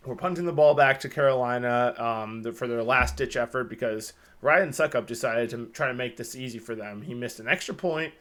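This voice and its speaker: Sports podcast dude ranting about his team, bright punchy voice, swears a lot. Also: medium pitch, brisk, hardly any pauses. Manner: excitable, swears often, rambling. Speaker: podcast co-host. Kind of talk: casual sports chat.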